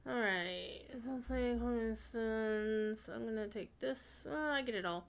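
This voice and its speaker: Talking to her chat as she streams a video game, a woman gives chatty, casual commentary and swears offhandedly. Her voice is fairly high, unhurried and creaky, with a smooth quality.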